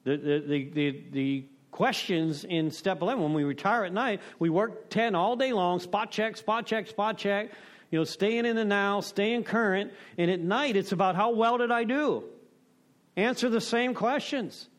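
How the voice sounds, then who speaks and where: A middle-aged man talks candidly about recovery steps, with a voice placed slightly high for a man. He rambles, restarts and leans on "you know." His tone is self-deprecating and confessional. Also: moderate pace. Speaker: recovery meeting speaker.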